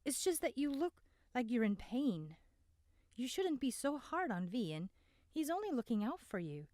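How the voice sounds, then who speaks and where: An earnest young heroine, hesitant and worried, her voice lifting higher than the narration, as a woman reading a storybook puts her on. It is recorded close and dry. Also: very animated, measured pace, darkish tone, dry recording. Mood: gentle.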